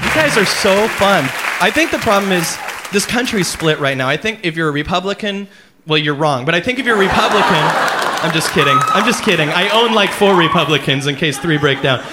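A man doing a stand-up routine with deadpan, ironic asides. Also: high-pitched, fairly quick, over loud music. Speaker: stand-up comedian. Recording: live club with laughing crowd and noise.

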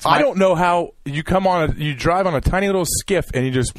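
A man's voice: high voice, fairly quick, no echo. Wry man in casual chat. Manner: wry, self-deprecating, laughs easily.

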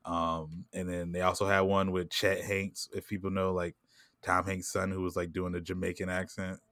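Casting note: low-voiced guy, loose rambling talk full of fillers, dry close sound. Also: completely flat delivery, fairly bright tone, no room sound. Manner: rambling, heavy "like" and "you know what I'm saying"; laughs often and puts on quick voices when quoting people. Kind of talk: casual chat.

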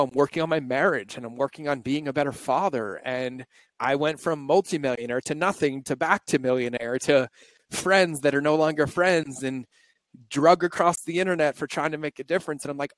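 A man's voice: a little high, a little fast, no room sound, rough recording. Man, podcast host, shaky near-tearful voice, confessional and reflective, dry close sound. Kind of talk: candid emotional conversation.

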